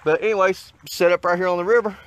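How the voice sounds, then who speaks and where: A man casually talking to the camera while fishing on a riverbank, hot and a little out of breath, folksy and quick to grumble. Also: sits high. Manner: folksy, excitable, swears mildly at fish. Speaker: fishing vlogger. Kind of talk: casual outdoor vlog. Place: outdoors on a riverbank. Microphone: handheld camera mic.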